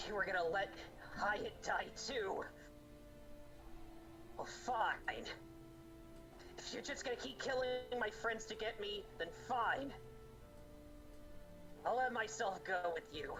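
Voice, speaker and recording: A man game master voicing an emotionally wrecked young woman who lashes out through tears. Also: heavily acted. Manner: shrill, gritted-teeth crying outbursts.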